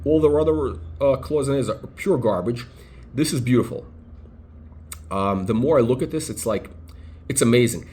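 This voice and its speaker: A man talks through a watch review off the cuff, voice at an ordinary middle pitch. He is blunt and opinionated, and he often trails off, restarts and hunts for names as he goes. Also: normal speed, pauses often, mellow. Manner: rambling, blunt, full of hesitations and restarts. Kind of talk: casual unscripted review.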